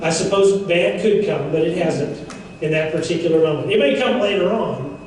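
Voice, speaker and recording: A man's voice: on the high side, moderate pace, a little mellow, slight background noise. A man giving a seminar talk, chatty and joking with playful asides. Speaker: seminar speaker. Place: event room. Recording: echoey room, mic far off.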